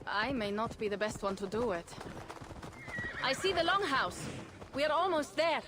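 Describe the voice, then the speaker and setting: A woman's voice: a little high, sing-song, normal speed, noisy background. Earnest Viking woman in a game. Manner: earnest, formal old-fashioned speech. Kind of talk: video game dialogue.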